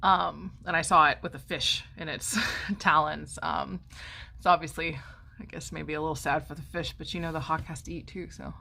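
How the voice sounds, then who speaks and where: A woman's voice: low-pitched, fairly even intonation, normal speed, vocal fry, pushed and bright, a little hiss or hum. A middle-aged woman chatting casually to camera at home, rambling with many ums and restarts. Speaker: vlogger. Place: home, by a window.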